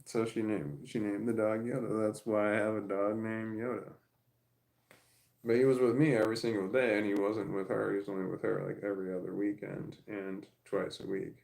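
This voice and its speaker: Middle-aged man, gravelly and lowish, rambling casual vlog storytelling with frequent swearing. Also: flat delivery, normal speed, darkish tone, poor audio. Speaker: vlogger.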